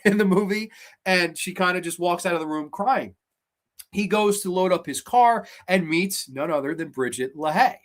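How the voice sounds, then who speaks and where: A man hosting a horror movie show, retelling a film's plot in an energetic, animated way with fillers. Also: a little high. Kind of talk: casual movie review.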